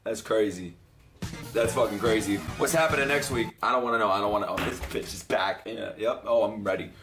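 A young man hosting an anime reaction video, talking excitably, swearing freely and often laughing. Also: on the low side, brisk, music in the background. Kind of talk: live reaction commentary.

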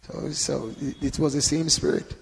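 Gravelly man preaching in a reverberant hall. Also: fairly high pitch, level tone, normal speed. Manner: conversational preaching with frequent "you know" and sudden loud emphasis. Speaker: Bible teacher. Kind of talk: informal sermon.

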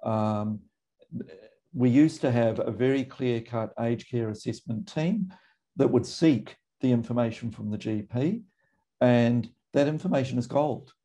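A middle-aged Australian man, a GP, speaking in a measured, thoughtful way with frequent pauses and ums. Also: mid-range voice, mellow. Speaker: GP and medical association guest. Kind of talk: recorded conversation.

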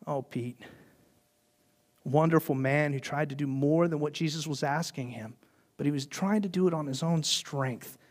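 A man preaching a sermon as pastor, telling the story in an animated way and briefly acting out the voices of the people in it. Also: a little high, moderate pace. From United States.

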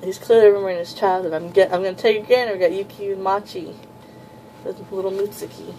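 A woman chatting casually as she pages through a new manga volume, rambling and gushing with excitement, with a slightly sore throat. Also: mid-range voice, fast talker, a little hiss or hum, poor audio. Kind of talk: casual unboxing chat.

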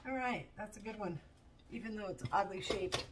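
A woman's voice: medium pitch, moderate pace. A woman chatting casually while cooking at home in her kitchen, chatty and self-mocking, laughing often. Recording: distant mic with steady background noise.

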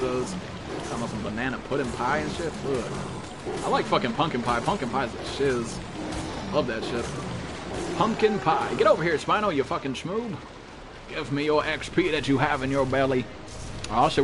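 A man streaming a game live, chatting casually and excitably with viewers and swearing constantly. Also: medium pitch, noisy background. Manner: profane, excitable, calls viewers bro and dude. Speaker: gaming streamer.

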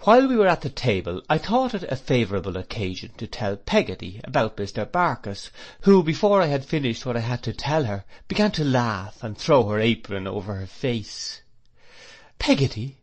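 A man reading a classic novel aloud as an audiobook narrator, in a measured, even storytelling manner. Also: medium pitch. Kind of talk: scripted narration.

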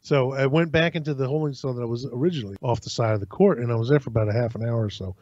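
A man casually telling a long personal story on a podcast, acting out other people's lines in an animated way. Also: mid-range voice, very fast, no room sound. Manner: animated, acts out voices in anecdotes. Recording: dry, slightly dull sound.

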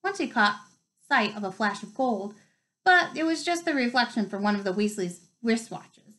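Woman reading a novel aloud, expressive. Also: fairly high pitch, normal speed, low-quality recording. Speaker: reader.

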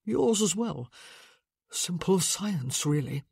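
A woman voicing a sick young gentleman with a fever, croaking and mumbling slowly with dry, deflecting humor in an audiobook. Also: fairly low pitch, expressive, no echo, exaggerated voice. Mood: weak, wry. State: ill, weak. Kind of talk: audiobook character voice.

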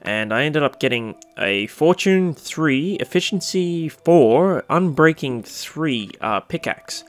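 A young man giving casual, rambling commentary over a game he is playing, full of fillers and excited outbursts. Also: takes it slowly. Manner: rambling, excitable, bursts into squeaky cutesy voices. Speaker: Minecraft let's-play host.

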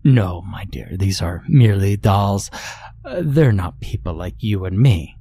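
A man's voice: low-pitched, lively intonation, a little slow, gravelly, mellow, a little hiss or hum, heavily acted. A man doing a sinister courtly doctor. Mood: showy. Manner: grand, courtly, speaks of "my dear". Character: old-fashioned male doctor, theatrical, sinister showman.

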